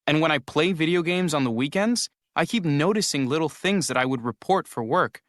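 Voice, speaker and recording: A weary young game tester, complaining, animated pitch; scripted course dialogue. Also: male voice, brisk, no echo, studio quality. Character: young man tired of his game-testing job.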